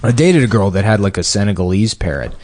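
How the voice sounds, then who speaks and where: A man in casual podcast banter, telling crude stories in a deadpan, mocking way. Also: lowish voice, quick pace. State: short on sleep. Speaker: podcast co-host.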